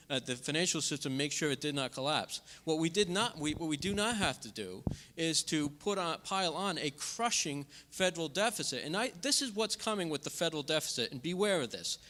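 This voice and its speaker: A man giving an impassioned campaign speech at a forum, repeating points and stressing key words. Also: bright, forceful tone. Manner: impassioned, repetitive, drops pitch on asides. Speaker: congressional candidate. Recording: reverberant hall.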